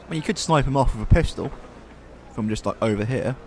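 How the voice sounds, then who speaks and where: A man's voice: mid-range voice, expressive, fast talker, darkish tone, slight background noise. A man from Wales with a Welsh accent, giving casual, profane let's play commentary as he plays. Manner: profane, ranting. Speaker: gamer.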